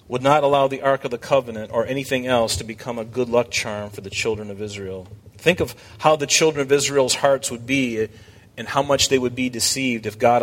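Male pastor, middle pitch, preaching to the congregation in a chatty way with animated scripture quotes. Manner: animated, shifts pitch when quoting scripture figures; conversational asides to the congregation. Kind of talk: expository sermon.

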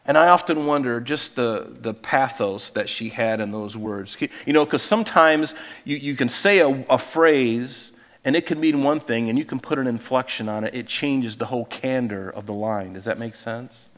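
A man's voice: mid-range voice, normal speed, a bit bright, in a large hall. A man preaching a sermon as pastor, earnest and conversational, often repeating words as he searches for the next one.

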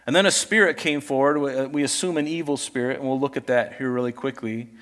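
A man's voice: mid-range voice, steady tone, fast, fairly bright tone. A man preaching a sermon in a conversational style, acting out scripture scenes as he retells them. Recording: reverberant hall.

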